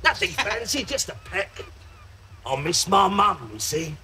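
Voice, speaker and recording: A man's voice: sits high, very animated, a little slow, pushed and bright, heavily acted. An actor playing a needy, childish male client in a TV sitcom, wheedling and pleading. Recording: studio audience laughter behind.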